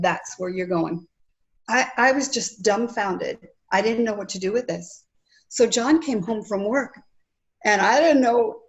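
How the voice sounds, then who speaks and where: A middle-aged woman sharing a personal faith testimony in conversation, earnest and lively, acting out remembered dialogue. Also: mid-range voice. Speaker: guest sharing her testimony. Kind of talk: conversational storytelling.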